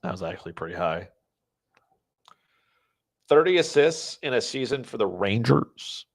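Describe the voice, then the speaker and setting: A man's voice: mid-range voice, big pitch swings, a little slow, vocal fry. A male podcast host thinking aloud on a live stream, playing a trivia game and talking to his chat. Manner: talks to chat.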